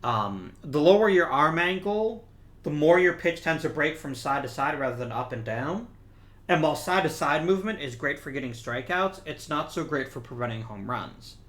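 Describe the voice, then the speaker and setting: Guy narrating his game, bright clear voice, thinks out loud and fixes himself mid-sentence. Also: a little high, animated, normal speed, echoey room. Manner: explanatory, thinks aloud with self-corrections. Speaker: gaming video host. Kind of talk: casual gameplay commentary.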